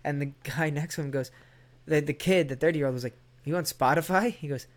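A man's voice: on the high side, brisk. A man casually telling a long, rambling, profane story in a chat, acting out the people he quotes.

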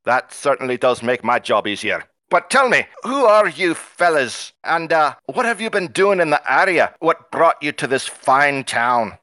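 A man voicing a cranky red-haired male dwarf who talks in a deliberately bad put-on Scottish accent, loud and gruff. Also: fairly high pitch, big pitch swings, no room sound, exaggerated voice. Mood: gruff, welcoming. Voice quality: loud, gruff, mock brogue.

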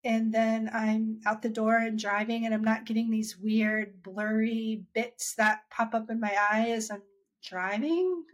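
A woman's voice: on the high side, steady tone, measured pace. A woman chatting about her own experience, talking freely with restarts and quoting herself and others as she goes. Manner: chatty, with many restarts and acted-out quotes. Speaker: interviewee sharing her dry eye story. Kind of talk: casual conversational storytelling.

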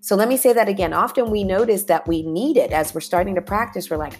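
A woman hosting a motivational podcast, talking listeners through guided breathing. She speaks in a lively, colloquial way and drops in "y'all" asides. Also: medium pitch, brisk, few pauses, soft background music. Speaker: podcast host.

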